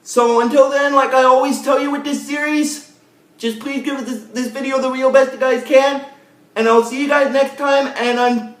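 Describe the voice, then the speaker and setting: A man's voice: very high voice, fairly even intonation, moderate pace. A young man casually recapping a TV episode for his video channel, rambling with lots of fillers and repeated sign-offs. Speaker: video host. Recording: roomy echo.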